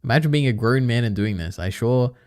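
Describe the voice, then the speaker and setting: A man's voice: medium pitch, animated, fairly quick, a little mellow, no echo, studio quality. A man chatting casually on a live stream, reacting to clips and rambling with lots of filler words. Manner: rambling, many fillers, chatty asides to chat.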